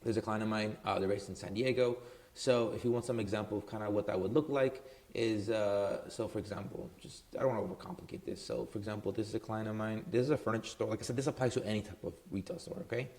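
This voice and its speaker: With an on-the-low-side voice that is steady and darkish, a man talks fast as he gives casual advice to camera about running his marketing business. The talking-head delivery is loose and conversational, full of "um"s, with "right?" tacked onto his points.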